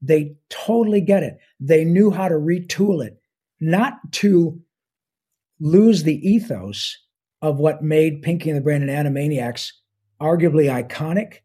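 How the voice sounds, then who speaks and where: Husky, warm-toned man in his sixties. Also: a little high. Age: 60s. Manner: enthusiastic, rambling with fillers. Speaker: guest voice actor. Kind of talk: casual interview talk.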